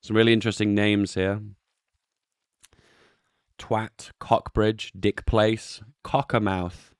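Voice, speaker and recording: A young man gives casual meme commentary in a fairly low voice. He talks in a relaxed way, chuckles often and swears offhandedly. The recording is dry and close, with no room sound. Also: takes it slowly, clear, resonant tone, dry recording. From England. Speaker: YouTube host reviewing memes.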